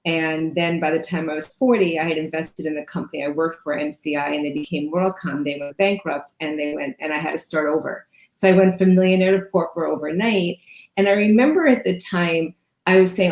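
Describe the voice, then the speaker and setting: A woman in her fifties, a business strategist giving emphatic coaching advice and listing ideas in quick runs. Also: low voice, a little mellow. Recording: echoey room.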